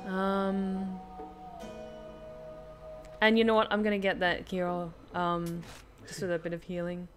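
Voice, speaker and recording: A woman streaming a video game, chattily thinking aloud and reacting excitedly. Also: on the low side, unhurried, long pauses, over music. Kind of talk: live game commentary.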